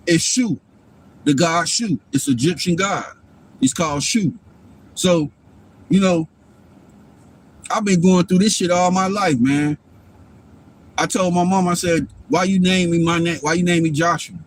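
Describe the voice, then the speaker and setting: A man with a notably high-pitched voice holds forth on a livestream in a loose, rambling monologue. He swears freely, preaches his points, and keeps checking that the listener is following along. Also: a little slow, long pauses. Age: adult father. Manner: profane, preachy, keeps asking "you know what I'm saying". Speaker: livestream host.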